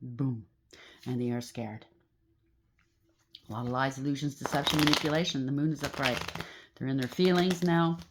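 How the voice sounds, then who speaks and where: Low-voiced woman giving a blunt tarot reading. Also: normal speed, long pauses, background noise. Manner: emphatic, repetitive, blunt judging tone. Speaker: tarot reader.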